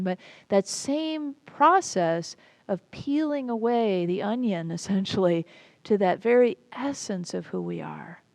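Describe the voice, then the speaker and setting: A woman pastor delivers a reflective, inviting sermon at an unhurried pace. Her mid-range voice carries a gravelly fry, and it is recorded close and dry with almost no room sound. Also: mid-range voice, no room sound.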